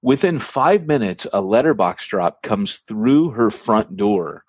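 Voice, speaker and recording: A man's voice: on the low side, animated, takes it slowly, husky, no echo, dull audio. A man hosting a church planting podcast, telling a long story casually, with lots of fillers and restarts.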